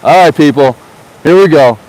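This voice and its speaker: This real estate agent's voice sits on the high side, darkish in tone and at normal speed, captured in poor audio. He rambles chattily and repeats words in a casual vlog filmed by the ocean with a gimbal-mounted handheld camera, with waves and wind behind him.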